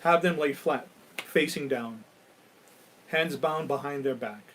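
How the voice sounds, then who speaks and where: A man from Hawaii hosting a live ghost-story show, telling tales dramatically and dropping to a hush at key moments. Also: a little high, slow pace, a little hiss or hum, rough recording. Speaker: storyteller and host.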